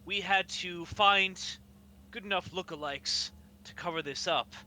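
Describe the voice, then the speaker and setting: A woman's voice: unhurried, sharp tone, slight background noise. A man voicing an exasperated, foul-mouthed black-haired elven woman in a tabletop game. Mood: apologetic. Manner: shrill, cursing, exasperated.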